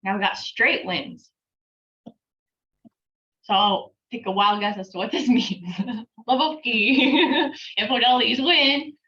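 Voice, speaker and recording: A woman teaching an online language class, patiently breaking words into syllables and repeating them slowly, with a light laugh now and then. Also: on the high side, bright, forceful tone. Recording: dull lo-fi class recording.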